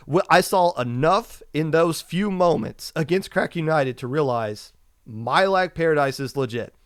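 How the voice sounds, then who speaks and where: A man's voice: a little high, dry recording, clean studio sound. Impassioned man ranting on a podcast. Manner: emphatic, repetitive, impassioned. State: losing his voice. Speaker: podcast host. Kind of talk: opinionated esports podcast rant.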